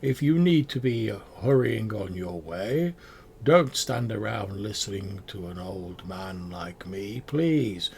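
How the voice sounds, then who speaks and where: A man's voice: on the low side, gravelly, darkish tone, slight background noise, exaggerated voice. A man voicing an old male tree-dweller who speaks formally and with elaborate politeness. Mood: polite. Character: courteous old male elder of a great tree.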